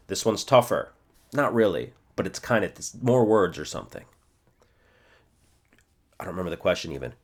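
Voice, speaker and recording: A man's voice: sits low, very animated. Man in his forties drilling phrases aloud. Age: 40s. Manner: thinks aloud, checks himself, repeats phrases slowly. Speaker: language teacher. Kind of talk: self-study demo lesson.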